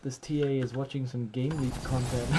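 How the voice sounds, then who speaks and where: Excitable man commentating his game. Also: mid-range voice, background noise. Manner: excitable, quick yelps and exclamations. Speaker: gaming streamer. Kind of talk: casual gameplay commentary.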